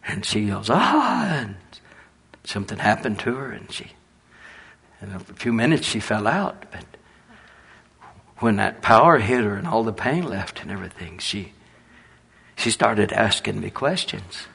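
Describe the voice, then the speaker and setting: An older man preaching, telling animated folksy stories and laughing through them. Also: on the low side, measured pace, vocal fry, pauses often, slightly rough. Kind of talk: storytelling sermon.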